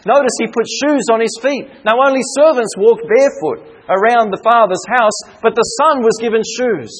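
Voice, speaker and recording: A man delivers a sermon in a high, husky voice. He preaches earnestly, stressing key words and building through repetition. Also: moderate pace, low-quality recording.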